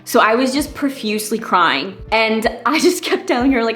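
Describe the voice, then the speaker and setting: A woman's voice: on the high side, expressive, normal speed, hardly any pauses, a bit bright, faint music behind. A woman in her thirties telling a personal story in a casual vlog, chatty and candid, with lots of fillers and side remarks. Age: 30s. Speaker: vlogger.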